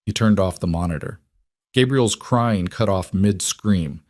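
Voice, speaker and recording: A man reads a scripted drama story in a low voice, slow and dramatic. The recording is dry and close, with no room sound. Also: a little mellow, dry recording. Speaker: narrator.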